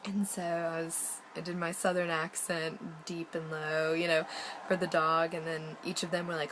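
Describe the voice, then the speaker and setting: A woman's voice: fairly low pitch, steady tone, unhurried, background noise. A young American woman chatting casually in a video diary, rambling with lots of ums and little laughs. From United States. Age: young adult. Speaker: vlogger.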